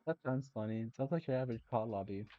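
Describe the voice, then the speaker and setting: A man's voice: mid-range voice, quick pace, no room sound, faint music behind. A drunk young man co-hosting a podcast, rambling and losing his train of thought. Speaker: podcast co-host. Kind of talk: casual chat. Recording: dull lo-fi mic.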